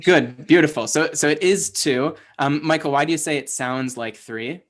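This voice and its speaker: In an online class lesson, a man teaching Hebrew explains patiently and keeps checking in with students on the video call. His voice is a little high and he speaks at a normal speed.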